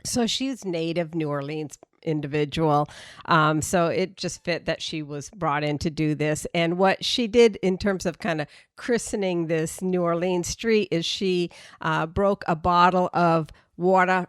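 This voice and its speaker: A woman's voice: fairly low pitch, a little slow, clean tone, no room sound, studio quality. A woman with a slight Boston accent, co-hosting a podcast and chatting through her research with plenty of fillers and restarts. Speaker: podcast co-host presenting research. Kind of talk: casual podcast chat.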